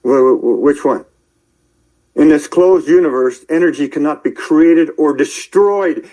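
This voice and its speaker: A man preaching in a rambling commentary, shouting angry tirades at his listeners and then muttering to himself as he browses his screen. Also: a little high, unhurried, low-quality recording. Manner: addresses listeners directly, calling out believers. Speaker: online preacher.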